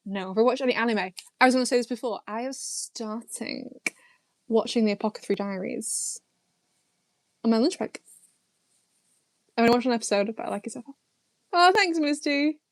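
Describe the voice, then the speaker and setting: A woman's voice: fairly high pitch, no echo. Chatty English woman answering chat. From Lancashire, England. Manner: chatty and rambling, laughs often. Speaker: YouTube host answering chat. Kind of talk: casual live chat Q&A.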